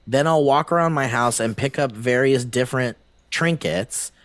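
A man co-hosting a casual comedy podcast, who laughs often and reads an online post aloud in an animated way. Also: normal speed, no room sound. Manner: animated, laughs often, pitch swings widely. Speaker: podcast co-host.

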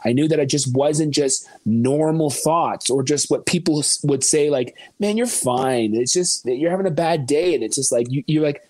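A man's voice: a little high, moderate pace, hardly any pauses, darkish tone, dry recording. A man in casual podcast chat, speaking in an earnest, reflective way.

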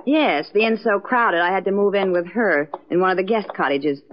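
A woman playing jealous, sharp-tongued Marge. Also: mid-range voice, moderate pace, a little hiss or hum, close to an everyday voice. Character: jealous high-strung young woman, Marge. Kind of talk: 1940s radio drama acting. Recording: dull old radio broadcast.

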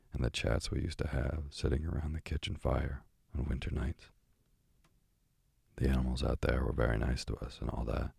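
A man voicing a talkative old female parrot in a calm, slow bedtime story reading. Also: a bass voice, creaky, husky, dry recording, clean studio sound, heavily acted.

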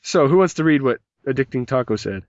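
A man's voice: mid-range voice, expressive, fast talker, a little mellow, no room sound. A man hosting a casual podcast, rambling and joking as he reads listener messages aloud, and he has a mild migraine. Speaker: podcast host. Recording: dull lo-fi podcast audio, dry.

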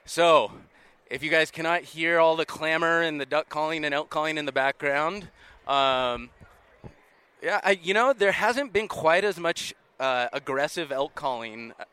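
Podcast host, male, fairly high voice, bright and crisp, casual, laughs easily. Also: a little slow. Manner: friendly, laughs often, says y'all. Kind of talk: casual interview chat. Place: busy hunting expo hall.

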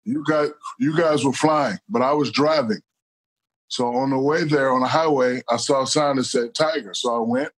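A man co-hosting a chat show, telling a rambling story in halting starts. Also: mid-range voice. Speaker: co-host. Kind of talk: casual chat.

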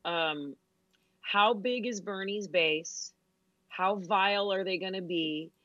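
A woman's voice: medium pitch, slow pace, fairly bright tone, dry recording. Emphatic woman on lo-fi call audio. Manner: emphatic, listing points. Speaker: podcast co-host. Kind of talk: casual political chat. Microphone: remote call.

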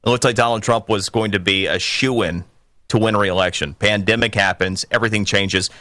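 Male talk radio host, low-set bright voice, dry close mic, opinionated and emphatic. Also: steady tone, moderate pace, no room sound. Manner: emphatic, opinionated, rising to forceful peaks. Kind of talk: political call-in radio talk.

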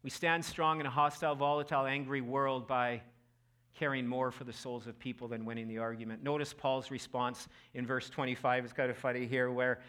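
A middle-aged male pastor preaching a sermon in a church, impassioned, who acts out quotes loudly. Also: medium pitch, flat delivery, a little fast, clean tone. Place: church auditorium.

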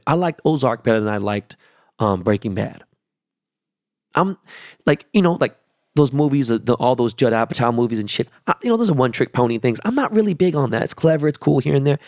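A man's voice: lowish voice, darkish tone, no room sound, clean studio sound. A man talking casually and profanely in a rambling, emphatic monologue.

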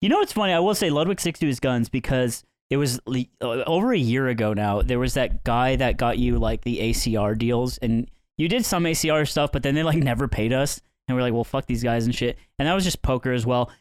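A man's voice: mid-range voice, a little fast, few pauses, no echo. A man co-hosting a podcast, telling stories in casual chat and laughing often. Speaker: podcast co-host.

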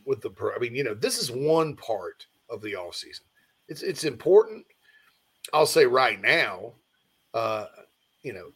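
A man hosting a casual live-stream sports talk show, rambling and animated while reading viewer comments, yawning and distracted. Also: mid-range voice, slightly rough.

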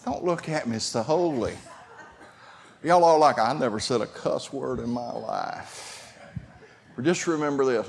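A pastor preaching a sermon, talking conversationally and calling out to the congregation. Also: male voice, fairly high pitch. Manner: conversational preaching with audience call-outs.

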